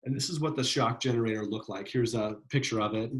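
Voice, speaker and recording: A man's voice: medium pitch, fast talker, poor audio. A man giving a psychology lecture in a casual, conversational way, often checking in with "right?" and using fillers. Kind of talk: classroom lecture.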